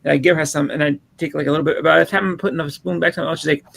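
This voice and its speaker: A man's voice: a little high, level tone, very fast, creaky, a bit bright, dry recording, poor audio. A man in his thirties and father of a young daughter, co-hosting a casual podcast chat and telling rambling stories full of restarts and acted-out quotes. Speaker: podcast co-host. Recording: faint background noise.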